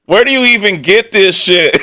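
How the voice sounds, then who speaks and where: A young male streamer laughing his way through casual reaction commentary, peppering it with swearing and jokes. His voice sits a little high for a man, and he talks in an unhurried, drawn-out way. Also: lively intonation, sharp tone. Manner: laughing often, swearing, joking banter.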